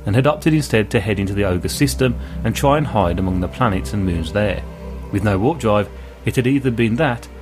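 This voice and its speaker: A low-voiced man narrates a science-fiction story with a measured, even delivery. Soft music runs quietly behind the reading. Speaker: audiobook narrator. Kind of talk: scripted narration.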